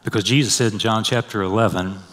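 A man preaching a sermon, swelling loud and high on scripture and dropping soft and low for personal stories. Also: steady tone, fast. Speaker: pastor. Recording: long hall reverb.

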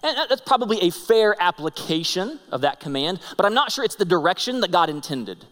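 A man's voice: high voice, very animated, brisk, a bit bright. A man in his thirties preaching a sermon, telling stories in an earnest way and often repeating his words. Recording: long hall reverb.

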